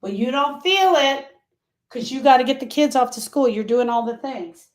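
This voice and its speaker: A woman's voice: high-pitched, normal speed. Earnest woman host talking about grief. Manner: emphatic, repetitive, conversational storytelling. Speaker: podcast host. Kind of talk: heartfelt motivational talk on grief.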